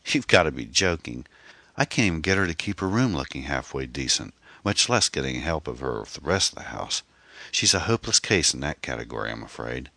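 A man's voice: extremely low pitch, sing-song, brisk, sharp tone, no room sound, full character voice. A man voicing a frightened, anxious middle-aged divorced mother in an audiobook, with a pleading manner. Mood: weary. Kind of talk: audiobook character voice.

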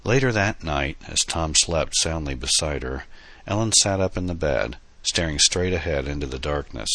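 A man reading an audiobook in a steady, earnest storytelling manner. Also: rumbling low, normal speed, dry recording. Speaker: narrator. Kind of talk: audiobook narration.

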